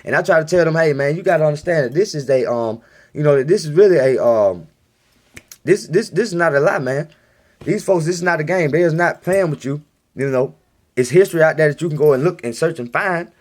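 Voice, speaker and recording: Man, somewhat high-pitched, rambling, insistent, casual home recording. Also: brisk. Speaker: video blogger. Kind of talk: casual monologue to viewers.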